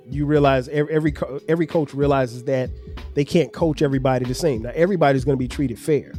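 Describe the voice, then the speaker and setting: A man's voice: mid-range voice, warm tone. A middle-aged man hosting a podcast, talking earnestly with his children about parenting, explaining at length with frequent restarts. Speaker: podcast host and father. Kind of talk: reflective family conversation.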